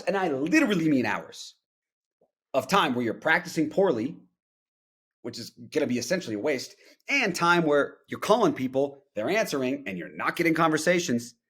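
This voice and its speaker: A man's voice: mid-range voice, husky. A young man teaching sales calls in a casual, emphatic way, repeating practice lines to show how they should sound. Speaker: sales trainer. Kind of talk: instructional talk with practice call demos.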